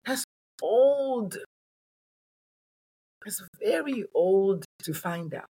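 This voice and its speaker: Emphatic husky-voiced woman. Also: medium pitch, expressive, very slow, mellow. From Nigeria. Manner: emphatic, repeats phrases for effect. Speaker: pediatrician and coach, guest. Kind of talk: animated interview talk.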